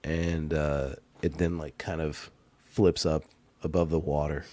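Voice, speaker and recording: A man's voice: very deep voice, little pitch movement, a little slow, a little mellow, no room sound. A man narrating as game master of a tabletop game, laid-back and laughing, getting hyped at dice rolls.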